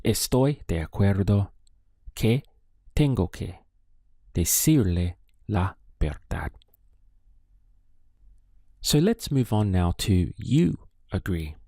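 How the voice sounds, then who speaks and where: A male teacher guides learners through a language lesson in an unhurried, deliberate way. His voice sits low and dark, and he leaves pauses for the listener to answer. The sound is dry and close. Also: sing-song, no echo. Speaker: Spanish teacher. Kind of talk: slow spoken language lesson.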